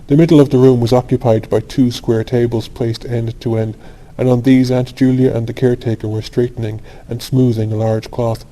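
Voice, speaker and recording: A man narrating a classic short story as a sleep audiobook, in a calm, even, unhurried reading. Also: mid-range voice, low-quality recording.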